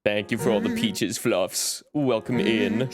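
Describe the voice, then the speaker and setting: A man's voice: fairly low pitch, a little slow, over music. A man streaming live in casual chat, greeting viewers by name as he talks.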